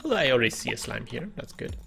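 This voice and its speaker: A man's voice: medium pitch, sing-song, rapid-fire, gravelly, sharp tone, faint music behind. A man giving chatty let's-play commentary, thinking aloud and exclaiming at what he finds in the game. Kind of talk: gameplay commentary.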